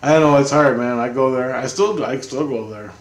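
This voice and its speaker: A man's voice: mid-range voice, brisk. Male vlogger, mid-range voice, loose rambling spiritual monologue, salty language, echoey apartment. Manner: rambling, swears, repeats himself. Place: apartment, indoors.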